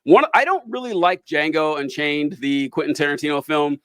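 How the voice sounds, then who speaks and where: A man's voice: on the high side, lively intonation, moderate pace, fairly bright tone, clear, resonant tone, no echo. A man co-hosting a casual chat about a movie, rambling and swearing freely with frequent laughs. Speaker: podcast co-host.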